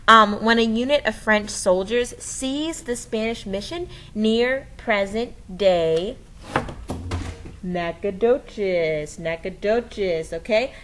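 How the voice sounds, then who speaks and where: A woman's voice: fairly high pitch, takes it slowly, hardly any pauses, sharp tone, slight background noise, rough recording. A woman presenting a recorded history lesson, explaining step by step in a playful, enthusiastic way with dramatic sound effects and frequent checks like "okay?".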